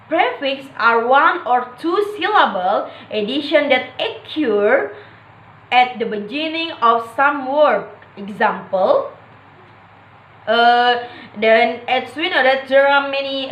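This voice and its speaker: A woman, a non-native English speaker whose first language is Malay, gives a classroom presentation on word stress, filling pauses with "okay" and "uh" and repeating each example word. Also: sits high, lo-fi sound. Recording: echoey room.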